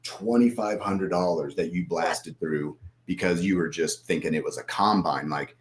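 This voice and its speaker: A man's voice: deep voice, normal speed, a loud crowd. A man talking casually as a podcast guest, rambling and acting out his own inner voice.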